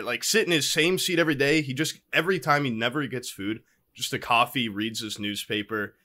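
An animated young man chatting on a podcast, his pitch swinging lively up and down. He talks in a bright, forceful voice, laughs often and slips into other people's voices as he tells a story. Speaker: podcast co-host. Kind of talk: casual chat, storytelling.

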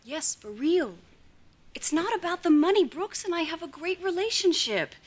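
A woman's voice: very high voice, big pitch swings, normal speed. An actress playing a wistful, earnest young woman. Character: young woman dating an older rich man.

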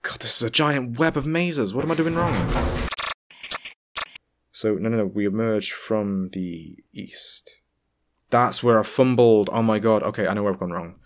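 A man, commentating his own gameplay, talking to himself, shouting and swearing when stuck. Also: fairly low pitch, moderate pace, background noise. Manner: excitable, talks to himself, swears and shouts in frustration. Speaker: gaming YouTuber. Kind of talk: let's-play commentary.

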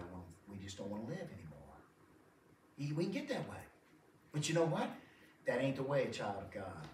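A pastor preaches a sermon in a church sanctuary in a mid-range voice, with slight background noise. He's folksy, repeats himself, chuckles often, and calls his listeners folks, all captured with roomy church sound from a distant mic.

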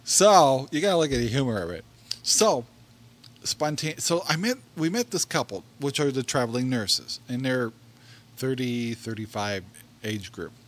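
A middle-aged man hosts a laid-back podcast, speaking into a desk microphone in a mid-range voice. He rambles, laughs often and restarts his sentences as he tells stories. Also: mid-range voice. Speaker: podcast co-host. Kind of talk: casual podcast monologue.

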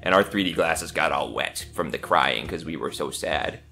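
A man's voice: a bass voice, animated, normal speed, gravelly, sharp tone, faint music behind. A young man co-hosting a gaming channel, telling a story in a rambling, stammering way and laughing often. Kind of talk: casual banter while playing a game.

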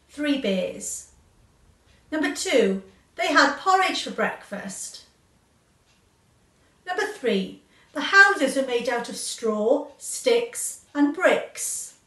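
A woman teacher reading out a children's quiz, slow and clear, repeating each question. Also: sits high, fairly bright tone. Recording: echoey room, far from mic.

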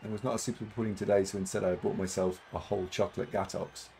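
A man's voice: on the low side, level tone, fast, creaky, darkish tone, a little hiss or hum. A man streaming a game live, chatting casually with viewers and thanking them, with lots of fillers. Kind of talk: casual live-stream chat while playing.

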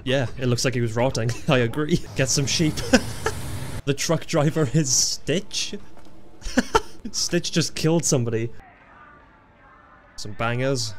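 A young man giving casual gameplay commentary as a video host, excitable and sweary, laughing often and yelping at surprises. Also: medium pitch, unhurried, long pauses, slight background noise.

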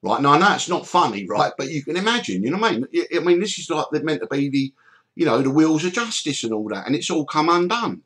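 A middle-aged man hosting a podcast, telling stories in an animated way, swearing freely and acting out the people he quotes. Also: fairly high pitch, fast talker. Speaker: podcast host. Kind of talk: storytelling chat.

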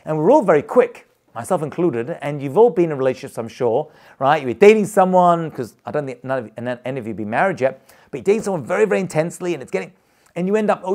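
A man's voice: on the high side, fast talker. A middle-aged man, a rabbi, teaching a class in a chatty, storytelling way with acted-out quotes. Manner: animated, chatty, tells anecdotes with acted quotes. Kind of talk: lively storytelling lecture.

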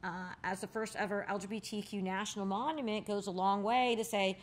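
An animated woman speaking in a recorded oral history interview inside a bar. Her pitch sits mid-range for a woman, but it leaps sharply whenever she quotes someone or gets carried away. A faint hiss sits under the recording. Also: fast, hardly any pauses. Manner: animated storyteller, acts out quotes with sudden high exclamations. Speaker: interviewee, bar co-owner and nonprofit founder.

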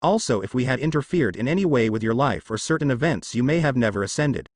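A man voicing a shy young woman goddess who stutters, speaking gently and politely. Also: mid-range voice, expressive, fast, dry recording, natural voice.

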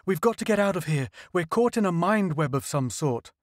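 A rattled, muttering doctor, as a male narrator puts him on, agitated and tense. He pitches above the narration and ranges widely with a dry, close sound. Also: lively intonation, normal speed, no echo. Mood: urgent. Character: shaken male scientist, a doctor.

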